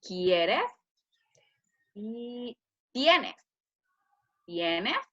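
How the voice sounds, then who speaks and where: A woman from Venezuela, a preschool teacher, slowly and carefully pronouncing words for learners to repeat. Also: a little high, very animated, fairly bright tone, dry recording, highs cut off.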